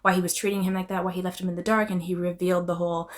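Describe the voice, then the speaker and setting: A woman's voice: on the low side, racing. A young adult woman talking casually and emphatically as a book vlogger reviewing her reads. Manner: expressive, emphatic, often adds "okay?".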